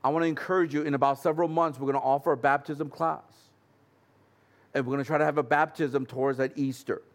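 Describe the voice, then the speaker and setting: A man's voice: on the high side, fairly even intonation, fast talker. A man pastor preaching a sermon in an earnest, conversational way with light humorous asides.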